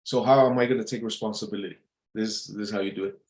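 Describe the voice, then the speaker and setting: A man's voice: lowish voice, steady tone, fast, darkish tone, echoey room. A man giving casual motivational advice, blunt and profane, often repeating himself and restarting his sentences. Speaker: vlogger giving life advice.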